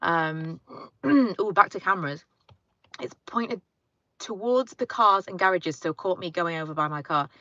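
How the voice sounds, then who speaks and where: A woman's voice: on the low side, measured pace, pushed and bright, lo-fi sound. A woman chatting casually in her car, reading viewer comments and rambling with lots of fillers. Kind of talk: casual car chat live stream. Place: inside a parked car.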